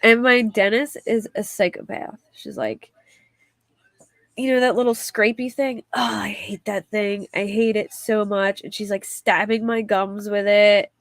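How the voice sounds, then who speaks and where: A woman's voice: medium pitch, fairly even intonation, a little slow, no echo. A woman hosting a casual livestream, chatting in a rambling way and reading viewer comments aloud. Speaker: livestream host.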